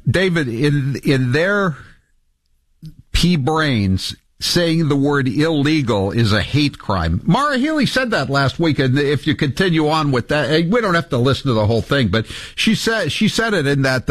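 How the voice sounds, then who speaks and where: A man's voice: fairly high pitch, big pitch swings, normal speed, dry recording. A male talk radio host, blunt and combative, mocking his opponents while taking calls.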